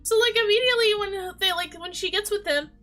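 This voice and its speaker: A young woman who makes videos chats animatedly about a story, emotional and quick to laugh. Her voice is high and bright, with faint music in the background.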